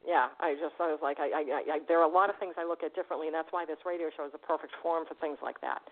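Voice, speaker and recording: A woman hosting a radio show, chatting with a caller and telling stories in a lively way, laughing often. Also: sits low. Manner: fast, animated storytelling, laughs often. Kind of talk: casual radio interview chat. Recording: tinny phone line.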